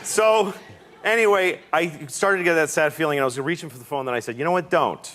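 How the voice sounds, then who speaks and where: Animated man telling stories on a talk show. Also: fairly high pitch, quick pace. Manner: animated, acts out voices. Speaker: comedian guest.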